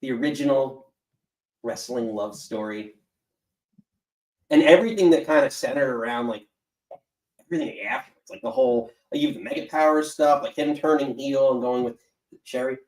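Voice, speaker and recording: A podcast host chatting in a relaxed, reflective way and posing the topic question. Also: medium pitch, normal speed, long pauses, far from the mic. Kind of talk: casual chat. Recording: echoey room, off mic.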